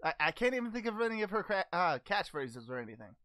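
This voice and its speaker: Speaking fast in a fairly low, sing-song voice with a slightly bright tone, a woman plays a cheerful, naive male alien martial-arts hero hosting a fan Q&A for her channel. She stays in character, goofy and easily sidetracked, hesitating with plenty of ums. The audio is studio quality without echo.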